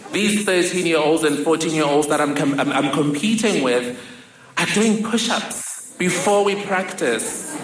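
A woman from Africa, telling a personal story on stage with wry, dry humor. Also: on the low side. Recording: roomy hall with faint noise.

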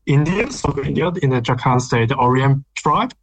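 A man's voice: mid-range voice, animated, normal speed, husky, low-quality recording. Thoughtful man asking rambling questions. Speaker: interviewer. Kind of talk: interview questions.

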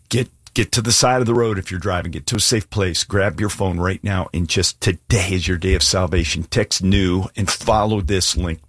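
A pastor with a low, husky voice preaches an earnest sermon ending in an altar call, pleading and emphatic yet plain-spoken, with casual asides. The sound is close and dry, with no echo.

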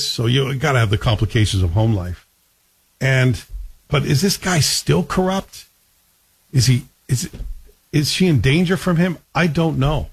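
A man's voice: fairly high pitch, gravelly, slightly rough. A man talking casually about a TV series in a chatty, wry way, asking rhetorical questions. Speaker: TV reviewer. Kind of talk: casual spoken TV review.

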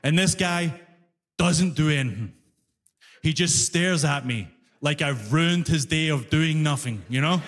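A man doing a stand-up routine on a club stage, telling a story in an animated way and acting out the people in it. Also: fairly high pitch, measured pace. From immigrant to Canada. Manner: animated storytelling, acts out characters. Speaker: stand-up comedian. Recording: live venue reverb, faint crowd ambience.

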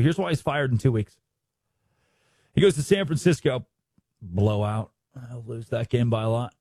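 A man hosting a sports talk show, giving animated, opinionated commentary and mocking the people he talks about. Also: mid-range voice, no room sound. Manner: animated, mocking impressions of others.

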